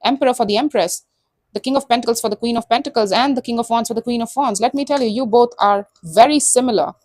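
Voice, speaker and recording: A woman's voice: fairly high pitch, fast, a little mellow, no room sound. A woman giving a casual tarot reading to camera, blunt and sassy, acting out imagined thoughts. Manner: sassy, blunt, acts out quoted inner voices. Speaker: tarot reader.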